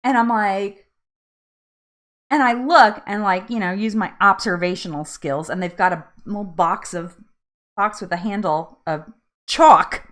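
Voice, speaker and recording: A woman's voice: medium pitch, expressive, normal speed, a bit bright. A woman from New Jersey hosting a casual live chat from home, chatty, laughing often and drifting off on tangents. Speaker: live stream host.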